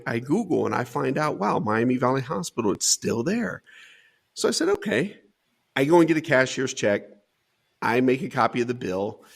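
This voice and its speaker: Gravelly man telling a lively story. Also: mid-range voice. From Dayton, Ohio. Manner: lively storyteller, acts out quotes, laughs often. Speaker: guest, company CEO. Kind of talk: storytelling in a podcast interview.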